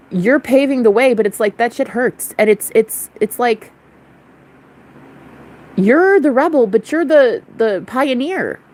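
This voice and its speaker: Young woman, spiritual vlogger, blunt, defiant, profane, casual rant, slightly high voice.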